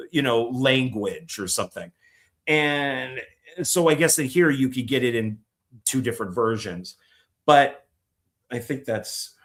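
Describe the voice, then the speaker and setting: A man chatting casually on camera about discs he bought, rambling and swearing, now and then mocking critics in a put-on voice. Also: medium pitch. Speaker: filmmaker showing his disc purchases. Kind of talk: casual vlog chat.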